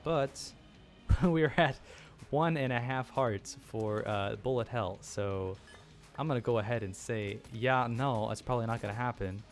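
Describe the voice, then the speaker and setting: A young man casually commenting on his own gameplay, rambling and self-deprecating, with chuckling asides. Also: medium pitch. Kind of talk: casual let's-play commentary.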